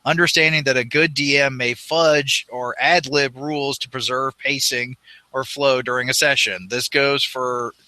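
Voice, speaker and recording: A man's voice: mid-range voice, fairly even intonation, moderate pace, pushed and bright, dry recording. A man co-hosting a casual tabletop gaming podcast, rambling and self-deprecating, laughing often. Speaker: podcast co-host.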